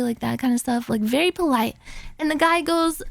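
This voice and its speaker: Young woman, high-pitched, vocal fry, streamer storytelling, casual, sweary, acts out quotes, close dry mic. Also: fairly quick, no room sound. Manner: animated, filler-heavy, swearing, acts out quotes.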